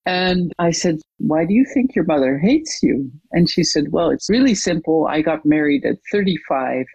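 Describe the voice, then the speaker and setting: Coach telling a client story, dark lo-fi. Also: medium pitch, normal speed, husky, dry recording. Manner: lively retelling, acting out quoted dialogue. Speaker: coach and trainer, interview guest. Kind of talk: storytelling in an interview.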